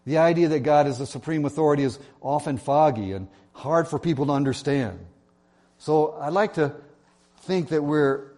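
A man's voice: mid-range voice, a little mellow. A male pastor preaching a sermon, telling an illustrative story in an earnest way.

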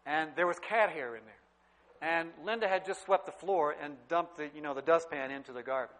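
A middle-aged man preaching a sermon, telling stories and swinging from loud to quiet. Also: on the high side, normal speed, low-quality recording. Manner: storytelling preacher, wide swings in loudness. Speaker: pastor.

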